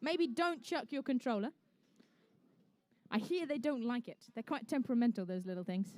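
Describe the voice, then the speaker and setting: A young woman's slightly high, mellow voice comes through at a moderate pace with no room sound. She is the emcee and commentator for a live competition in an indoor conference venue, keeping things chatty and jokey with the teams as she calls the play.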